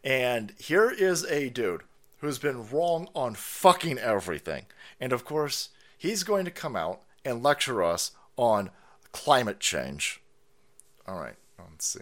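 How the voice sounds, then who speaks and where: Animated, foul-mouthed man ranting. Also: medium pitch, a little slow. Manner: swearing, sarcastic, laughing, mocking clips. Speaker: streamer host. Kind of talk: profane political rant stream. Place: California.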